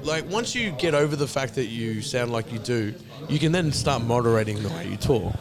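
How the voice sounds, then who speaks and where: A young man chatting casually, excitable and teasing, swearing freely. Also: medium pitch, a little fast, over loud music. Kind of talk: casual chat. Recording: loud crowd noise behind. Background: loud crowd chatter.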